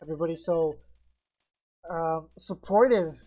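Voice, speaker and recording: A woman's voice: sits low, a little slow, mellow. Playful woman commenting on a game. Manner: playful asides, laughs at the game. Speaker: gaming video host. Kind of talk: playthrough commentary.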